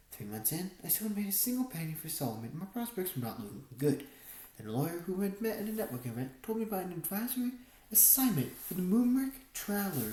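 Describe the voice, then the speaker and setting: A woman reads a first-person memoir as an audiobook, keeping a measured, steady storytelling pace. Her voice sits low and mellow but moves through a lively range of pitch. The recording carries a noticeable room echo. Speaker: audiobook reader.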